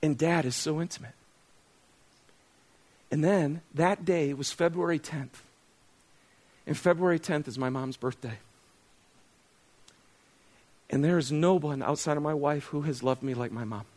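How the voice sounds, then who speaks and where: In a fairly high but darkish voice, the middle-aged pastor preaches at a moderate pace with long pauses. The tone stays casual as he makes self-deprecating jokes and asks the congregation questions.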